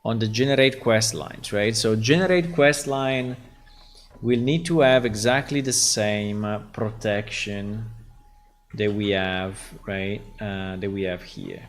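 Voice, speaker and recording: A man's voice: lowish voice, takes it slowly. A man with an Italian accent, a game developer who thinks aloud while coding on a live stream and keeps checking in with "right?".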